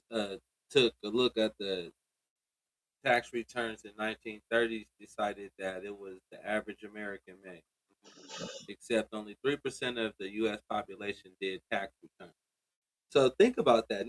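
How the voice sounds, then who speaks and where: A man co-hosting a casual talk show, speaking in loose, slangy talk that gets animated when he makes a point. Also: lowish voice, poor audio. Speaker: co-host. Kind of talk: casual podcast discussion.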